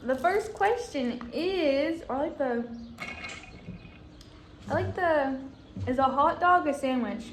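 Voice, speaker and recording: A woman's voice: sits high, animated, slow, pauses often, echoey room, slight background noise. A woman chatting as a guest on a food vlog, playful and giggly, eating in a restaurant. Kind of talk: casual mukbang chat. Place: restaurant in Turkey.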